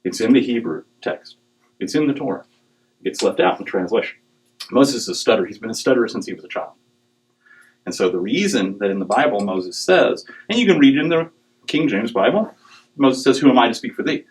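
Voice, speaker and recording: Animated middle-aged man giving a joking talk. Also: fairly low pitch, brisk, low-quality recording. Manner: animated and joking, with digressions and acted quotes. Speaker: speaker on dowsing. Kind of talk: humorous talk to a live audience.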